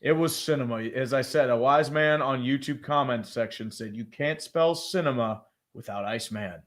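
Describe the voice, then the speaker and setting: A man's voice: medium pitch, normal speed, fairly bright tone. A man co-hosting a casual sports podcast, blunt and sarcastic, who reads viewer messages aloud. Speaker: podcast co-host.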